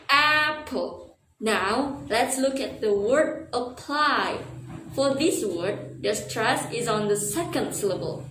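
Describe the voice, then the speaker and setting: A young woman from Indonesia, giving a pronunciation lesson as a student presenter and stretching out the example words carefully. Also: a little high. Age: young adult. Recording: echoey room, faint background noise.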